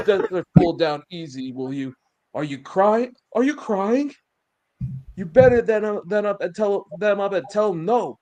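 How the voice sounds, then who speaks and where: A man voicing a boastful, domineering male wrestling champion in a shrill, mocking impression.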